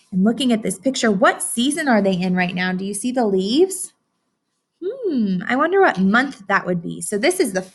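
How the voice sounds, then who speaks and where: A woman teacher reading a picture book aloud to children, stopping to ask them questions and gently explain. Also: mid-range voice, breathy edge.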